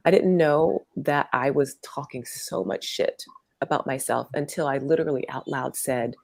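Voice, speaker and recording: A woman interview guest who teaches workshops, talking gently in a meandering way with lots of fillers and restarts. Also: extremely low pitch, moderate pace, gravelly, dry recording. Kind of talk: conversational interview.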